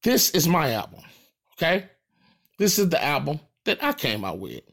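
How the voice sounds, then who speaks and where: A man from St. Louis speaks in a casual, profane rant with a slightly raised pitch and a husky edge. His voice swings widely as he stresses and repeats his points. He has a St. Louis accent. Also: wildly swooping pitch, normal speed, fairly bright tone. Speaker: rapper. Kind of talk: casual direct-to-camera rant.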